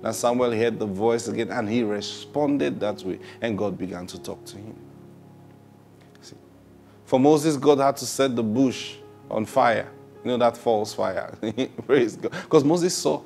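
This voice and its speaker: A man preaching a sermon, laughing often and repeating praise, swinging between loud bursts and hushed, drawn-out phrases. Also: medium pitch, gravelly, faint music behind. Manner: laughs often, repeats "Praise God", asks rhetorical questions.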